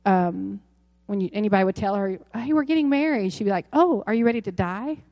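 A woman's voice: mid-range voice, darkish tone, dry recording. Conversational woman pastor preaching a sermon. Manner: conversational, self-correcting with asides. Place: church sanctuary.

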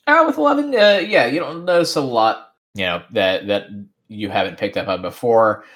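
A man narrating as game master of a tabletop game, relaxed and rambling with lots of fillers. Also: medium pitch, moderate pace.

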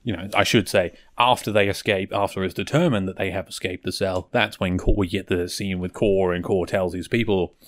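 A man's voice: low voice, a little fast, few pauses, dry recording, clean studio sound. A man hosting a podcast, casually recapping a TV episode and acting out the characters' lines as he goes. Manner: animated retelling, acts out quotes. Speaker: podcast host.

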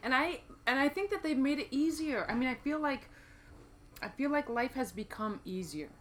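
A woman's voice: high voice, lively intonation, moderate pace, slight background noise. A woman chatting casually, talking reflectively and at length. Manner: reflective, talkative, laughs often. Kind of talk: casual chat.

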